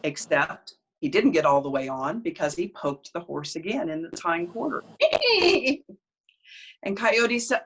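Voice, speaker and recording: A woman storyteller with a bright, ringing voice. Her pitch rises and falls widely as she tells family tales and folk tales expressively. She narrates with lively energy. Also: measured pace, breathy edge. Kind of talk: storytelling performance.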